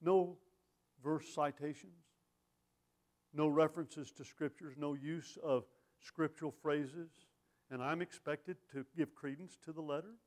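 Folksy preacher man, fairly high voice. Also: steady tone, a little slow, a little mellow. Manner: folksy, conversational, with asides and rhetorical questions. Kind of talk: sermon.

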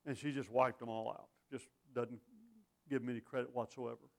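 A man's voice: mid-range voice, flat delivery, a little fast, vocal fry, a little mellow. A middle-aged man preaching a sermon in a folksy, conversational way, full of asides and rhetorical questions.

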